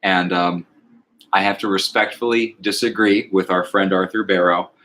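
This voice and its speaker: A man in casual conversation about music, reflective and thoughtful, sometimes slowing to recite lyrics in a measured cadence. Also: low-pitched, steady tone, bright, forceful tone. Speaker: podcast co-host.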